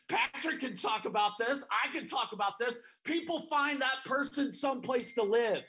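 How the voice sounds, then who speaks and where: Male preacher at a church service, high and bright-toned, animated storyteller with joking asides. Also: moderate pace, few pauses. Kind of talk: sermon with storytelling.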